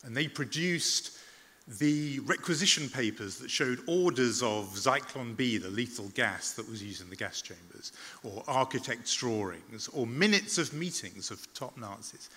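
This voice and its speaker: A man speaks to an audience with a bright, forward voice, recounting events in a measured, reflective way. He often stops on a filler and picks his words again. His voice rings out with a long reverb from a large hall. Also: mid-range voice, animated, breathy edge. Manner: measured, reflective, with frequent "uh" restarts. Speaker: journalist giving a talk. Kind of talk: public talk, storytelling.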